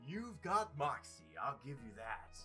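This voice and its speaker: Guy putting on a smug old chicken chef, big grand talk, bright lively voice. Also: mid-range voice, unhurried, soft background music. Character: boastful old male fried-chicken chef. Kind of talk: dating-game character voice.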